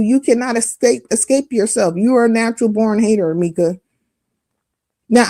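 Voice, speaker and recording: A woman's voice: on the high side, mellow, no room sound, studio quality. Profane, confrontational woman live-streamer. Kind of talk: heated live-stream rant.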